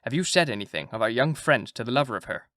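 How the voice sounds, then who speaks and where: A man voicing an old Dutch male doctor with a put-on Dutch accent, giving slow, solemn counsel. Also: medium pitch, expressive, a bit bright, no room sound, studio quality, lightly acted.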